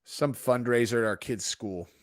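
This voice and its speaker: A man's voice: mid-range voice, normal speed, dry recording, studio quality. A man hosting a casual live stream from home, answering chat in a laid-back, profane way and saying "dude" constantly. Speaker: streamer host. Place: home in Texas.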